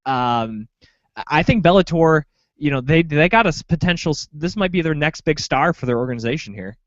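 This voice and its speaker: A man's voice: fairly high pitch, a little fast, dry recording. Chatty man breaking down fights. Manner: rambling, animated fight breakdown with fillers. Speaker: podcast co-host. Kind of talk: casual sports podcast chat. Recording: dull lo-fi dry sound.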